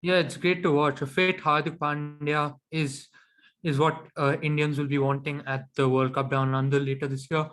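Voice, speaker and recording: A man with a slightly higher-pitched voice co-hosts a casual cricket chat. He gives firm, analytical opinions on players and teams. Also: little pitch movement, moderate pace, fairly bright tone. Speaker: cricket podcast co-host.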